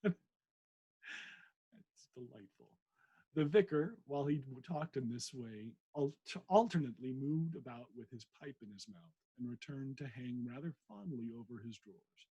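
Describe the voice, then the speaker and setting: A man's voice: medium pitch, lively intonation, normal speed, mellow, slightly rough, rough recording. A man hosting a podcast, reading a novel aloud with casual, self-deprecating commentary. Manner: self-deprecating, chatty asides.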